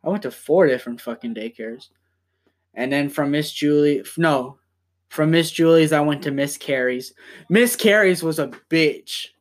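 A young man hosting a casual podcast from home, rambling and swearing as he talks in quick bursts. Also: a little high. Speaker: podcast host.

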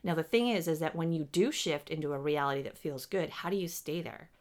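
A woman channeling spiritual teaching, speaking as a collective "we" in a measured, explanatory way. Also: deep voice, darkish tone.

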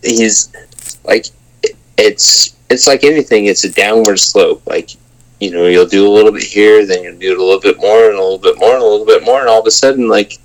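A man's voice: lowish voice, brisk, rough recording. A man co-hosting a casual podcast, talking in a laid-back, dry, profane way. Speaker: podcast co-host. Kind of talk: casual chat.

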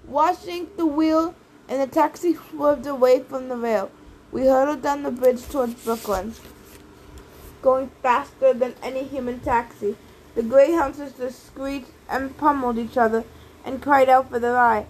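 High-voiced woman reading a story. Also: fairly even intonation, unhurried, a little mellow, a little hiss or hum, low-quality recording. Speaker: audiobook reader. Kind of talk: audiobook narration.

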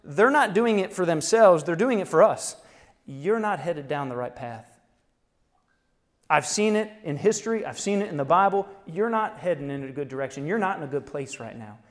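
A man's voice: high voice, lively intonation, a little fast. Man preaching in a reverberant hall. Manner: conversational preaching with rhetorical questions and chuckles. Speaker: pastor. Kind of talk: sermon.

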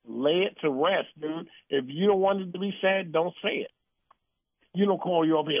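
A man's voice: fairly high pitch, normal speed, dry recording. A man hosting an uncensored call-in talk show, ranting bluntly and heatedly. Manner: blunt, heated ranting with mocking put-on quotes. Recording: phone-line sound.

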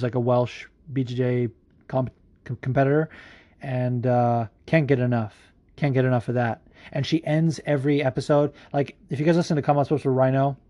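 A man's voice: mid-range voice, mellow. A man hosting a solo podcast, chatting casually, rambling and swearing a lot, laughing often. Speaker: podcast host.

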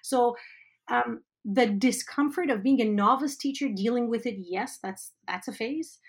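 Animated woman teacher, slightly high voice. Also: husky. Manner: animated, emphatic, quick asides with laughs. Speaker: teacher educator guest. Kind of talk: conversational interview.

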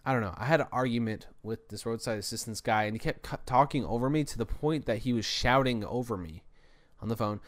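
A man's voice: mid-range voice, fast. Rambling tired young man podcasting. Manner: rambling, long-winded, breathless. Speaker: podcast host. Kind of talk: casual solo storytelling.

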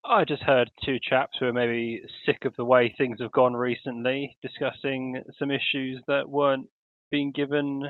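Playful tabletop player. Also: male voice, medium pitch, flat delivery, narrow, tinny audio. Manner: playful, quick, in character as a reporter. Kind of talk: playing a tabletop game.

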